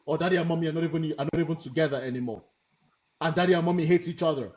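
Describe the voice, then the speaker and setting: A man with a high voice leads a live panel discussion. He talks bluntly and with heat, hammering his points home by saying them again and again. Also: fairly even intonation, racing, a little mellow. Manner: blunt, emphatic, repeats himself. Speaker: host.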